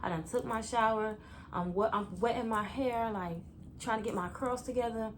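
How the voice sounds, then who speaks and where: A young woman tells a story to her viewers in a chatty, animated way and keeps calling them y'all. Her voice sits somewhat high for a woman. Faint background noise runs underneath. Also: moderate pace. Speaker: vlogger. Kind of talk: story time vlog.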